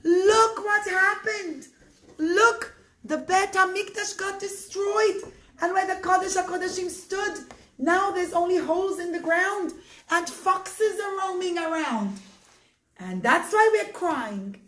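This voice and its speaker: A woman's voice: very high voice, slow pace, a bit bright, pitched above the performer's own voice, full character voice. Tearful old rabbis plead in raised, anguished voices, as a woman storyteller puts them on. The sound has a roomy echo. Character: grieving old male rabbis, sobbing.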